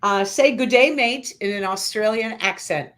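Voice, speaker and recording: A woman's voice: medium pitch, moderate pace, a bit bright. Upbeat chatty woman host. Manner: laughs often, upbeat and chatty. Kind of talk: casual interview, quick-fire questions.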